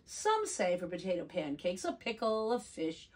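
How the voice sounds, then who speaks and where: A woman's voice: fairly low pitch, very animated, normal speed. A woman voicing a cheerful, crafty male traveling peddler in a storybook reading, sly and agreeable.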